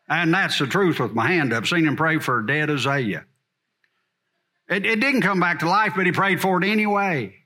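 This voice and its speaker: A man's voice: fairly high pitch, pushed and bright, slightly rough. A middle-aged man teaching a church congregation in a blunt, folksy sermon style. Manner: folksy and blunt, drawling asides.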